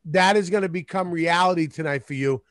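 Man, comedian guest, crude riffing, lots of swearing, high pitch, dry sound. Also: fairly quick, fairly bright tone, no echo.

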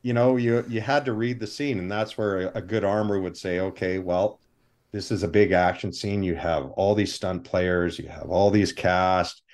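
A man, a film armorer, telling stories in an interview, animated and acting out what other people said. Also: deep voice, moderate pace. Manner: animated anecdotes, acts out quoted people. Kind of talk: storytelling interview.

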